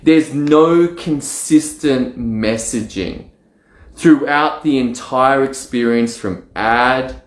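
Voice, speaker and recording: Animated man in an echoey room. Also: mid-range voice, slow pace. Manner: animated, acts out excited inner voice. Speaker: online marketing coach. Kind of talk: casual direct-to-camera talk.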